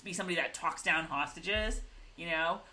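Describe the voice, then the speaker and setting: A woman co-hosting a casual TV recap, animated and giggly, often acting out scenes in little voices. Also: lowish voice, moderate pace. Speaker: podcast co-host recapping a TV episode. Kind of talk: casual chat.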